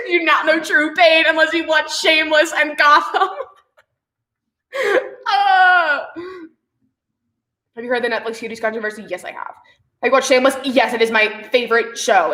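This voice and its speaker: Bright-voiced young woman, animated chat. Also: high-pitched. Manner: animated, laughing often, swearing freely. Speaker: streamer hosting a watch party. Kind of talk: casual livestream chat. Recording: roomy echo.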